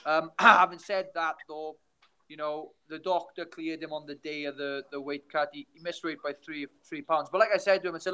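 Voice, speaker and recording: Young Welsh guy, guest on a video call, high clear voice, chatty and full of restarts. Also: fairly even intonation, normal speed, bright, forceful tone, poor audio. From Wales. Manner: rambling storyteller, many restarts. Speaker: guest fighter. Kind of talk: casual chat on a video call.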